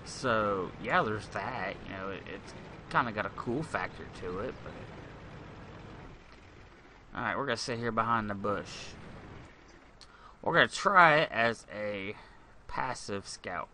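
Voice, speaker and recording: A man's voice: fairly low pitch, expressive, a little slow, long pauses, background noise. A man hosting a gaming channel, giving loose, rambling gameplay commentary with the odd curse. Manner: rambling, profane, thinks aloud.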